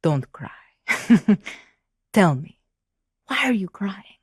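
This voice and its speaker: A woman voicing a gentle magical talking cow in a storybook tale, speaking softly and kindly. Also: medium pitch, sing-song, husky, no echo, clean studio sound, heavily acted. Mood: soothing. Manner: soft, hushed, slow and kindly.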